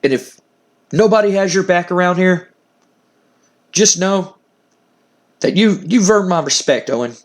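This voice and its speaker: Man voicing friendly wrestling champ, earnest, reassuring, stammering repeats, fairly high voice. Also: animated, measured pace, pauses often. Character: friendly male wrestling champion offering respect.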